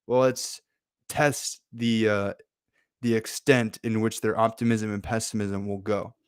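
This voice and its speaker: A man's voice: on the low side, level tone, measured pace, clear, resonant tone, no room sound, studio quality, lightly acted. A man doing a musing, curious dad. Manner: musing, casual. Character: curious middle-aged father planning a test.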